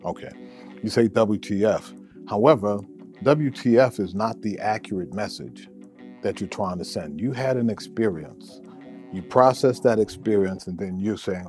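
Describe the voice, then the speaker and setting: A male therapist giving relationship advice in a measured way, often repeating words as he thinks. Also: lowish voice, a little mellow, soft background music. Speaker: therapist answering a listener question. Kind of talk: advice talk to camera.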